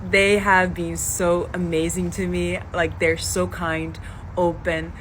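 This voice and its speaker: A woman's voice: on the low side, flat delivery, slow, a bit bright, a little hiss or hum, poor audio. A woman from Finland, talking casually to camera in a chatty, hesitant way with lots of fillers.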